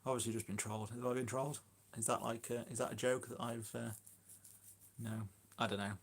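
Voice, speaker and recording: A man chats loosely on a phone live stream, speaking at a middle pitch. He rambles and pokes fun at himself. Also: little pitch movement, fairly quick, slight background noise. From Shropshire, England. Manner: rambling, chatty, self-deprecating, full of fillers. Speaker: allotment gardener and live streamer. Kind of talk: casual live-stream chat.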